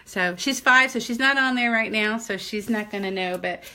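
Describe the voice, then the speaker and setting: An older woman with a Southern accent talks casually while she works on a craft live stream. Her voice is bright and forward, and she laughs often and greets viewers by name as she goes. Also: medium pitch, normal speed.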